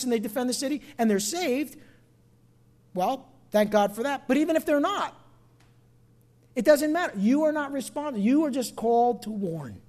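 High-voiced pastor from New Jersey. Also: male voice, lively intonation, a little fast. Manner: conversational, shifts between soft asides and loud emphatic bursts. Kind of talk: sermon.

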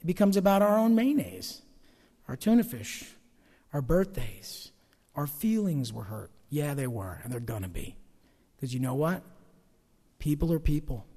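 A pastor preaching a sermon, swinging between loud emphatic lines and quiet asides. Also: male voice, a little high, very animated, normal speed, husky, long reverb tail.

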